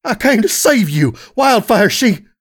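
A man's voice: medium pitch, animated, a little slow, darkish tone. A man reading a fan story, voicing a hot-tempered young mare pony who pleads in a raised, anguished voice.

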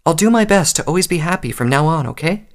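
A man voicing a weary pony mother in a storybook reading, gently soothing her daughter. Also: on the high side, animated, quick pace, voice pushed up.

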